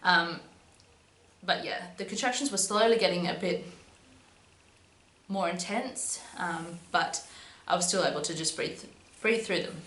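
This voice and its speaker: A young woman vlogger recounts something personal in a casual, chatty way, her voice lowish, a little slow, and slightly bright. She sprinkles in plenty of "um"s and "but yeah"s, recorded in an echoey room with a faint hum.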